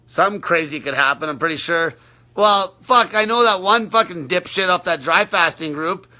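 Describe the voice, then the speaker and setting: A man's voice: sits high, normal speed, pushed and bright. A man coaching on a livestream, answering viewer questions in a brash, blunt, profane way.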